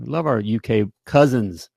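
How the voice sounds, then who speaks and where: Upbeat rambling American talk show host. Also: male voice, medium pitch, moderate pace, vocal fry, darkish tone, no echo, studio quality. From United States. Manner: upbeat, rambling, full of fillers and repeats. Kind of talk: casual live show chat. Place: home studio.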